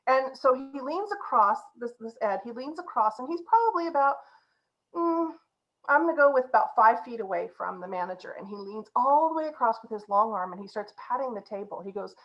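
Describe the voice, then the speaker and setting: Animated woman coach telling a story. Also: a little high, brisk, lo-fi sound. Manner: animated, laughs while telling. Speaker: agile coach. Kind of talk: storytelling talk to a group.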